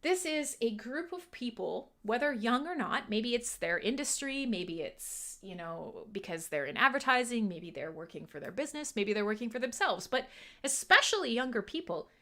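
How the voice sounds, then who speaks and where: Animated, bright-voiced woman streamer. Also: a little high, normal speed. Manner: chatty, animated, laughs often, swears casually. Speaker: livestream host. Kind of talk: casual livestream chat.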